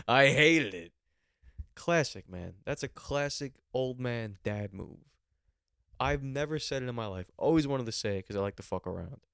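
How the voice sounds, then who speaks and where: A man's voice: mid-range voice, lively intonation, moderate pace, vocal fry, smooth, no echo, clean studio sound. A man in his twenties, a podcast host, telling rambling stories in a casual monologue and swearing freely. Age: 20s.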